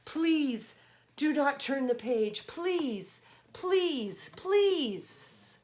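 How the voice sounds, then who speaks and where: A woman voicing a lovable, nervous furry male monster for a children's storybook reading, in a high pleading voice. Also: lively intonation, slow, full character voice.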